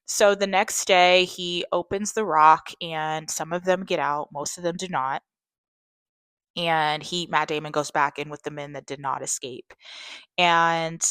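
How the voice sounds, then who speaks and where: A woman casually recapping a movie she loved, rambling with lots of "like" and restarts, her voice jumping up when she gets excited. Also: fairly low pitch, no echo. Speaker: movie reviewer.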